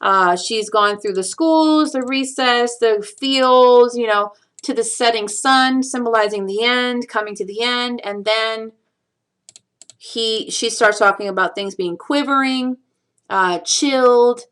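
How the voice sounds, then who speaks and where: A woman teaching a screencast lesson on a poem, reading lines slowly and counting syllables aloud, with patient explanations and frequent fillers. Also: a little high, fairly bright tone, smooth. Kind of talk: recorded screencast lecture.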